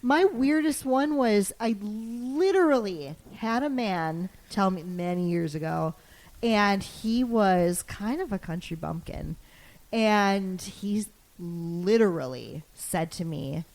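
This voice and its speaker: Woman podcast co-host, lively, expressive pitch, casual storytelling. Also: slow pace. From Wisconsin. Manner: animated, laughing storyteller. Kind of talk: casual chat.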